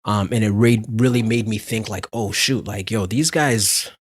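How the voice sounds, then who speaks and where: A man co-hosting a podcast, telling a story in animated casual chat, laughing often and restarting his sentences. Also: on the low side, moderate pace, dry recording. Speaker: podcast co-host.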